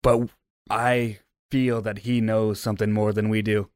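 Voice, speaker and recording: A man playing a tabletop game, eager and quick to act. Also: on the low side, flat delivery, darkish tone, smooth, no room sound, studio quality. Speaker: player. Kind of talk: casual tabletop play.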